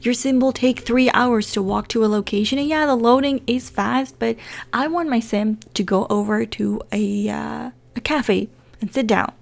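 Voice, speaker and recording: A woman's voice: fairly high pitch, normal speed, creaky. A young woman whose first language is Dutch, chatting casually as a gaming YouTuber, rambling and self-deprecating. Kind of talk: casual chat.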